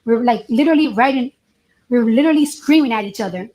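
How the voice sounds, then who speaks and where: A fairly high-voiced woman testifies in a courtroom, recounting events in loose, casual, animated speech. Her voice rings in the echoey room, with a faint hiss underneath. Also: fast talker. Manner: casual storytelling, animated, repeats itself. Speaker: witness testifying.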